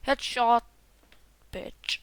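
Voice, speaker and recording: A woman's voice: extremely slow, no room sound. A woman hosting a gaming video, cursing and repeating herself frantically, often dropping to a mutter. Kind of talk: gameplay commentary.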